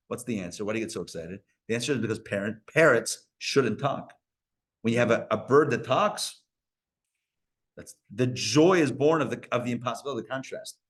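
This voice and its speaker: At a community center, a rabbi leads a Torah class before a live audience, keeping it conversational with playful remarks to those listening. His voice is male, mid-range, and a bit bright.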